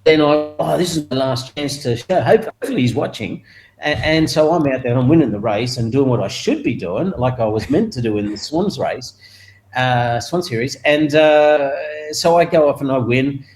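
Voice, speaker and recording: A man's voice: normal speed, a little hiss or hum, poor audio. An older Australian man, a retired motorcycle racer, telling a story in an interview and acting out the other people's voices. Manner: animated, acts out other people's voices with raised pitch and laughs.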